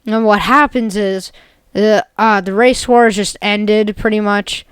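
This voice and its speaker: Casual woman video creator, mid-pitched, rambles through a jokey made-up story. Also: steady tone, measured pace, smooth, no echo. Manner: rambling, jokey, full of "basically" and "like". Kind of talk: rambling comic story retelling.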